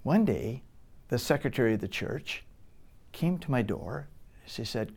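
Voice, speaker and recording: A middle-aged pastor preaching a sermon, building to loud emphatic peaks and dropping to hushed, near-whispered lines. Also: male voice, medium pitch, big pitch swings, unhurried, vocal fry, long pauses.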